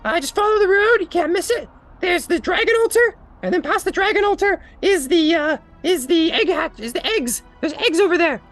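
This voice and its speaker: A game master voicing a terrified small male kobold who grovels, begs and stammers in a high squeaky voice. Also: lively intonation, normal speed, fairly bright tone, soft background music. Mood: nervous.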